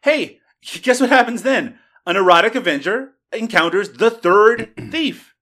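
A man on a podcast recounts a film scene by scene, cursing freely. His voice sits a bit high and swings widely in pitch. The delivery stays loose and conversational. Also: lively intonation, measured pace, pushed and bright. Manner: profane, storytelling recap. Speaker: podcast host. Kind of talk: casual film review chat.

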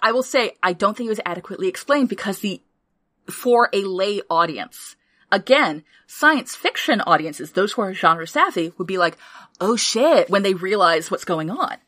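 A woman podcast host talking through a movie in loose, casual chat. Her voice is bright and forward, heard close and dry with no room around it, and her delivery is energetic, peppered with swearing and laughter. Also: mid-range voice, moderate pace, dry recording. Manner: energetic, profane, laughs often. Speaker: podcast host reviewing a film.

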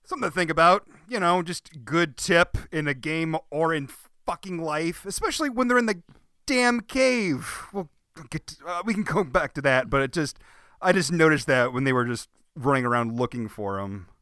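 Excitable male co-host, bright voice, swings his pitch widely and laughs a lot. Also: a little fast, dry recording, studio quality. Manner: laughing, animated, swearing often. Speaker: podcast co-host. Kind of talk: casual movie podcast chat.

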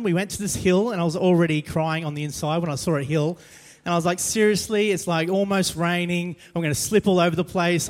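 A man preaching a sermon, telling a story with self-deprecating humor. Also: sits high. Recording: long hall reverb.

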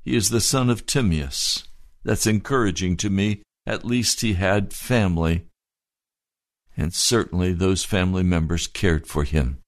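A male pastor preaching a sermon, retelling a story in deliberate short phrases. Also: low voice, no room sound, studio quality.

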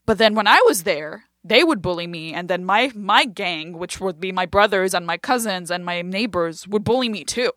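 A young adult woman from Lebanon, a comedian guest telling stories in a casual, animated, self-deprecating way. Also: medium pitch, normal speed, hardly any pauses, no room sound, clean studio sound. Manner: animated, self-deprecating storyteller who acts out quotes. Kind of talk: casual conversational storytelling.

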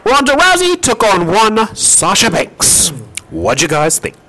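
A man co-hosting a podcast in a campy, theatrical way, often giving joking shout-outs. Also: sits high, huge pitch swings, a little slow, slight background noise. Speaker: podcast co-host. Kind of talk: casual comedic chat.

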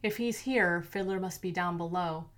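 A woman's voice: fairly low pitch, normal speed, a bit bright, natural voice. A woman voicing a defiant, determined young heroine who speaks firmly.

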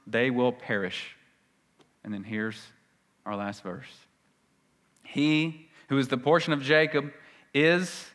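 A male pastor preaching a sermon, swinging between loud emphatic peaks and hushed, low phrases. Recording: long hall reverb.

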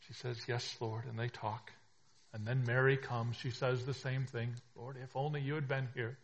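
Man, pastor, husky voice, sermon delivery, shifts from quiet to emphatic. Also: mid-range voice, level tone, normal speed. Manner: preaching with swells from hushed to emphatic.

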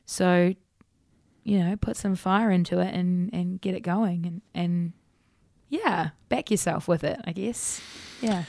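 A woman, a singer telling stories in a casual interview, animated and laughing often. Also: fairly low pitch, slow pace, vocal fry, dry recording. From New Zealand. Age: 30s. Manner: chatty and animated, laughs often, many fillers. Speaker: singer guest.

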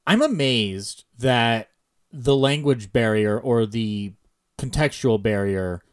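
A man's voice: medium pitch, animated, slow, smooth. An American man with an ordinary mid-range voice talks through film history on a podcast. His delivery is loose and digressive. He keeps circling back and restarting his sentences as he works out what he means. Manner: digressive, thinks aloud with many restarts. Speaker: podcast co-host. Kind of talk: casual film podcast chat.

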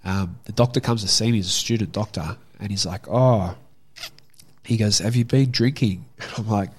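A man's voice: on the low side, normal speed, slightly rough. A young Australian man telling a story from his own life in a casual, candid way, swearing freely. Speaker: guest.

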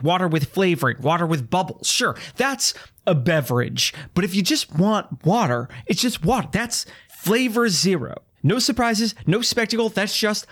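A man hosting a podcast, ranting emphatically about water in a comic, repetitive way. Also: on the high side. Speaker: podcast host. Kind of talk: comic rant, casual chat.

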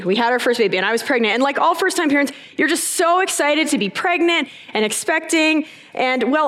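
Upbeat woman preaching, slightly breathless. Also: fairly high pitch. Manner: lively, self-deprecating storytelling. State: a little out of breath. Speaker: pastor. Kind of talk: sermon.

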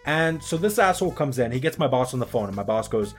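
Young adult man, podcast co-host, animated storyteller who swears freely. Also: mid-range voice, quick pace, faint music behind. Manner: animated, swearing, acts out quotes. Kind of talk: casual storytelling chat.

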